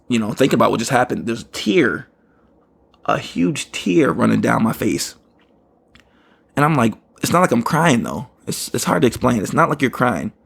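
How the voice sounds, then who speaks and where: Male podcast host, low and gravelly, rambling casual storyteller who laughs at himself. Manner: rambling, repeats "you know what I mean", laughs at himself.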